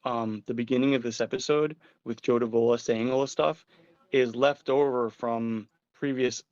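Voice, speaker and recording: A man hosting a casual chat show, telling stories with animated energy and some casual swearing. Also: medium pitch, normal speed, clean tone, dry recording, highs cut off. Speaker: podcast host.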